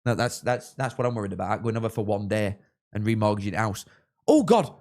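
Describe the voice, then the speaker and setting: A young man chatting casually on a live football watchalong, rambling and thanking viewers, with sudden excited shouts. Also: fairly low pitch, fast talker. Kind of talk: casual live-stream chat with match reactions.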